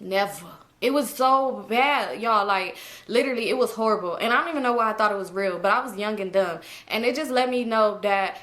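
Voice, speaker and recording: A woman telling a casual storytime, animated and laughing, swearing freely. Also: mid-range voice, a little fast. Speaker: storytime vlogger.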